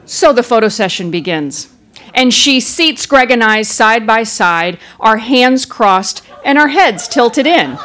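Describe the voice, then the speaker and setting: A woman telling a comic personal story on stage, animated and acting out the people in it, into a stage microphone. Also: a little high, slow pace, a little hiss or hum. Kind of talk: live first-person storytelling. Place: stage in front of a live audience.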